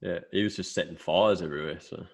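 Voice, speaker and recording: Low-voiced Australian bloke telling stories. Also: male voice, fast talker, vocal fry, husky. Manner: storytelling, swears freely, laughs while telling. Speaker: podcast co-host. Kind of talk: casual chat.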